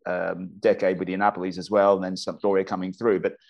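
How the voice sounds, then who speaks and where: A man's voice: low-pitched, level tone, quick pace, gravelly. A man from Australia with an Australian accent, a football commentator talking enthusiastically and restarting his sentences often on a casual podcast.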